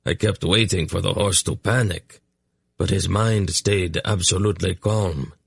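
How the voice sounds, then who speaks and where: A man voicing a gruff, husky warrior. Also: deep voice, fairly even intonation, unhurried, no room sound, exaggerated voice. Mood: baffled. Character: stern hawk-faced male warrior, horse trainer. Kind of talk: audiobook narration.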